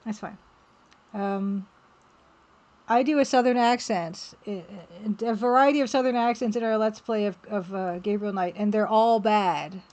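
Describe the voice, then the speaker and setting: A woman chatting casually on a live art stream while working, reading viewer messages aloud and reacting with excited exclamations. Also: medium pitch, a little slow. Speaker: game developer streaming while drawing.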